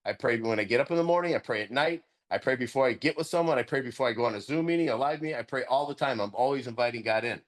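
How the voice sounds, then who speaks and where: A middle-aged man speaking candidly as a sponsor at a recovery meeting, earnest and animated, laughing often and jumping higher when he stresses a point. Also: very fast, few pauses.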